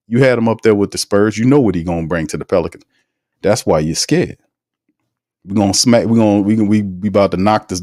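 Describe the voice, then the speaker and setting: A man's voice: deep voice, a little mellow, dry recording, studio quality. A man hosting a casual sports podcast, talking in an emphatic, slangy, teasing way and reading out live chat comments. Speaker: podcast host.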